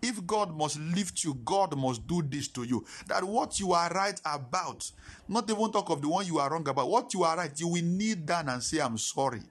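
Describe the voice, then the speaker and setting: A man's voice: a little high, lively intonation, normal speed, husky. Man preaching a testimony sermon. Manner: storytelling, swings between hushed and emphatic.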